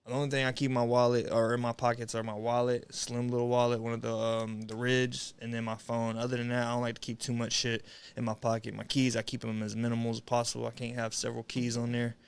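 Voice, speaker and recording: A young streamer with a mid-range, gravelly yet smooth voice talks fast and in a monotone. Chatting casually on his livestream, he's laid-back, rambling and slangy, swearing a lot and greeting viewers as he goes.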